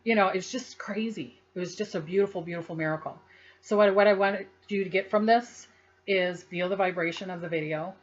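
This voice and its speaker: A woman psychic casually telling a personal story to the camera, rambling and animated, acting out what others said and laughing often. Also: medium pitch, a little fast, lo-fi sound.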